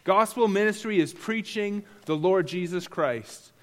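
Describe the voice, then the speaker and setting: A man's voice: sits high, a little slow, in a large hall. A man preaching a sermon as pastor, earnest, asking his congregation rhetorical questions and often repeating words.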